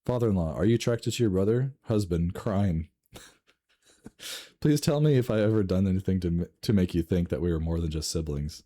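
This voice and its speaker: A man reading online stories aloud and reacting with laughs, swearing and sudden jumps in pitch. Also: lively intonation, normal speed, warm tone. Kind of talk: casual reading and commentary.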